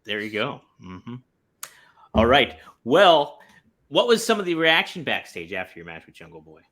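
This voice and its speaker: A male co-host steers a loose chat with short prompts and quick nods of agreement. His voice is bright and forceful and swings widely in pitch. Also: wildly swooping pitch. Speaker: podcast co-host. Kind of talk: casual interview chat.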